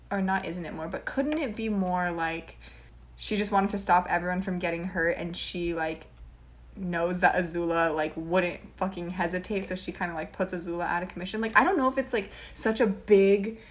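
Animated, swearing young woman podcaster. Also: lowish voice, normal speed. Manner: animated, swears freely, dramatic quote impressions. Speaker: podcast co-host. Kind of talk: casual chat.

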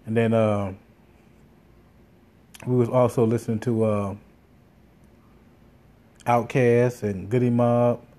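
A man's voice: mid-range voice, little pitch movement, takes it slowly, pauses often, warm tone. A man telling a casual, rambling story, swearing often and full of fillers and restarts. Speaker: podcast host.

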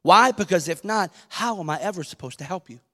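A man in his thirties with a high voice preaches to his congregation in a conversational way. He quotes scripture and asks the people questions as he goes. His voice rings out through a long-echoing church hall. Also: lively intonation, brisk, fairly bright tone. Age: 30s. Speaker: pastor. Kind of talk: sermon. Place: church sanctuary.

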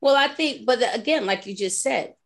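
A lively woman, telling stories in a casual podcast chat. Her voice sits a little high, and she laughs easily between her points. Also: normal speed, vocal fry. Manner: animated storyteller, laughs often, acts out quoted voices. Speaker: podcast host.

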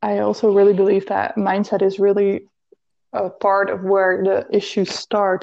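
A woman's voice: medium pitch, vocal fry, dark tone, highs cut off. A woman with a Dutch accent, a health and fitness coach, speaking earnestly in a podcast interview and now and then searching for an English word.

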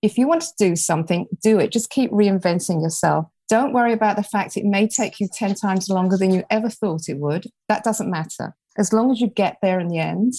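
A woman's voice: medium pitch, fairly quick, few pauses, warm tone, no room sound. Woman, sixties, from England, author guest, reflective interview talk. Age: 60s. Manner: earnest, reflective storytelling. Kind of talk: interview conversation.

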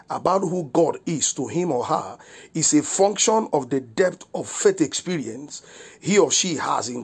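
Give me a male pastor with a slightly raised, husky voice, preaching a devotional and asking the listener question after question. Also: on the high side, a little mellow. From Nigeria. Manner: declaiming prayers and rhetorical questions. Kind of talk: devotional sermon broadcast.

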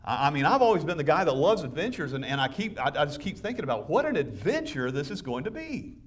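A pastor preaching with eager, conversational energy, often stumbling over his words as he restarts sentences. His voice sits fairly high for a man and sounds a bit far from the microphone, as if he moves around the pulpit. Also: very animated, fast talker, slight background noise. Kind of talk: sermon. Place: church sanctuary.

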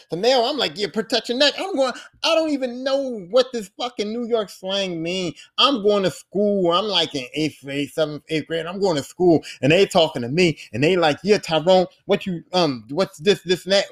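A man hosting a podcast, telling a casual, profane story and acting out the voices of the people in it. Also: high voice. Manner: animated, profane, acts out voices in his stories. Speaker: podcast host.

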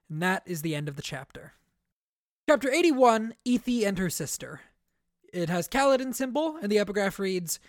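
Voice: medium pitch, sing-song, normal speed, no echo, studio quality. A podcast co-host chatting casually about a book and reading chapters aloud.

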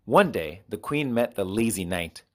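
A man reading short children's stories aloud with clear, expressive storytelling. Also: lowish voice, moderate pace. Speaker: narrator.

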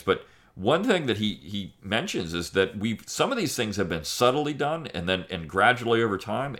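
A man's voice: low-pitched, a bit bright. A middle-aged man hosting a show, talking through his thoughts with many restarts and fillers. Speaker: podcast host. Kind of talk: casual monologue, then reading aloud.

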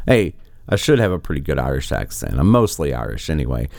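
A man's voice: extremely low pitch, big pitch swings, fast, creaky, a little mellow, no room sound, clean studio sound. A man giving casual political commentary, rambling and exasperated, with a sarcastic edge. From United States.

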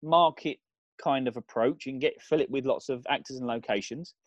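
A man co-hosting a comedy chat, rambling through an absurd film pitch with lots of ums. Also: a little fast, no room sound. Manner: rambling, builds absurd scenarios with fillers.

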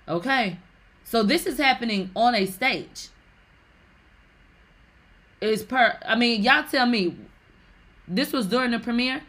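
A woman hosts a gossip show in loose, casual chat. Her voice is bright and forward, and she talks in an animated, salty way, full of sassy asides. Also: on the high side, takes it slowly, pauses often.

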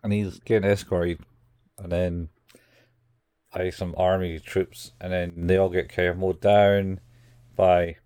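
A man's voice: sits low, level tone, takes it slowly, pauses often, warm tone, clear, resonant tone, no echo, studio quality. A man casually recapping anime episodes as a podcast co-host, rambling and acting out the characters' lines.

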